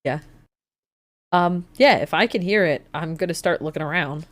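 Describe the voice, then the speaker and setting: A woman's voice: deep voice, a bit bright. A woman playing in a casual tabletop game, joking and laughing easily with the others. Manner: laughs easily, quick banter. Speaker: player.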